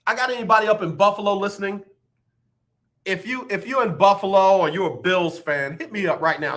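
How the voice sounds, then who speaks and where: Guy on sports talk radio, kinda high bright voice, joking around, says stuff twice to drive it home. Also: fairly quick. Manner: emphatic, joking, repeats points for effect. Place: radio studio.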